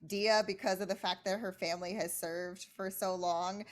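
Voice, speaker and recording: A woman's voice: medium pitch, steady tone, normal speed. A woman playing in a tabletop role-playing game, describing what her character does. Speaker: player.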